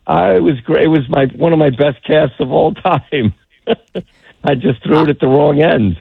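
A man's voice: fairly high pitch, measured pace, gravelly, husky, no room sound. A middle-aged man, a fishing guide, telling fishing stories on a radio call-in with many restarts. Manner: chatty storyteller, many restarts. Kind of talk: phone-in radio chat. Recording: tinny phone line.

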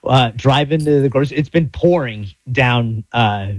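Man co-hosting radio, dry close sound, animated storyteller. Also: mid-range voice, moderate pace, dry recording, rough recording. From South Florida. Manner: rambling, animated storytelling with voiced inner monologue. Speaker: radio co-host. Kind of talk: casual radio talk.

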